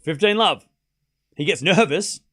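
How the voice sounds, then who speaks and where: A man's voice: a little high, lively intonation, a little slow, fairly bright tone. A man hosting a live tennis watchalong stream, calling points and thanking viewers in casual chat. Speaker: livestream host.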